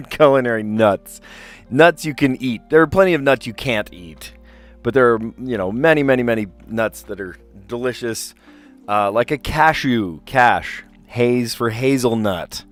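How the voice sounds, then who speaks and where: A man streaming himself solving word puzzles, chatting casually and thinking out loud as he reads clues. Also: medium pitch. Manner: chatty, rambling, reads clues aloud and muses over answers. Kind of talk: casual live-stream commentary, thinking aloud.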